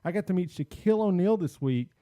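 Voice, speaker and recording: A man hosting a casual podcast, telling an animated story and acting out what people said. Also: high-pitched, quick pace, dry recording. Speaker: podcast host.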